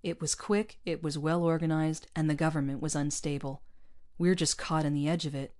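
A woman's voice: low-pitched, steady tone, moderate pace, close to an everyday voice. A woman reading aloud, voicing a male colony leader who speaks gloomily and firmly. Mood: gloomy. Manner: gloomy, quiet, firm.

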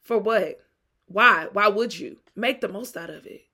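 A woman's voice: medium pitch, a little slow, bright, forceful tone. Candid woman in her thirties. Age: 30s. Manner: candid, preachy, laughs often. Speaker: podcast host and singles coach. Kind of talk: reflective solo monologue.

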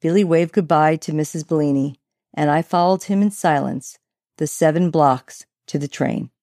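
A woman's voice: low voice, normal speed, dark tone, dry recording, studio quality. A woman narrating a first-person story in a wry, conversational way. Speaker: audiobook narrator.

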